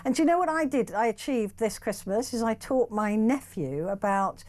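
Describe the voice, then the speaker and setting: A woman's voice: on the high side, expressive, moderate pace, darkish tone. A woman hosting a talk radio phone-in, chatty and effusive with her callers. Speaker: radio host.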